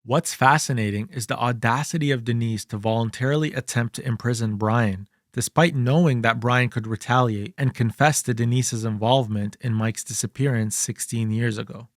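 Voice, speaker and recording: Guy narrating true crime, calm and analytical, mid pitch, dead dry mic. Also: no echo. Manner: measured, analytical. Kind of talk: scripted narration.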